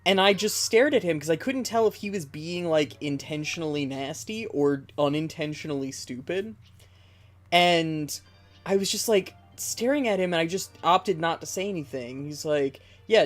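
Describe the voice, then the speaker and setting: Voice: mid-range voice, animated, moderate pace, soft background music. A streamer telling a rambling, giggly story in casual chat with viewers, with many fillers along the way. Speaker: game streamer.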